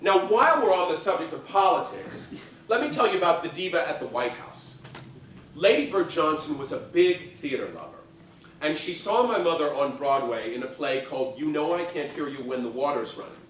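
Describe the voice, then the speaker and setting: A man spins gossipy stories onstage in a lively, sing-song delivery full of theatrical flair. He is heard from a distance in an echoey theater, with a faint hiss underneath. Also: on the high side, moderate pace. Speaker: solo stage performer. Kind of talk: live stage storytelling. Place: theater stage, live audience.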